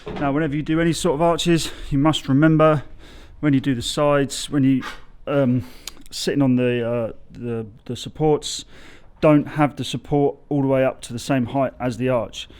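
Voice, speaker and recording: A man's voice: mid-range voice, steady tone, normal speed, few pauses, a little mellow, clear, resonant tone. A man, chatting casually on an outdoor building site and explaining his bricklaying, often losing his thread and correcting himself. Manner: chatty, loses his train of thought, self-corrects. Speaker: bricklayer vlogger.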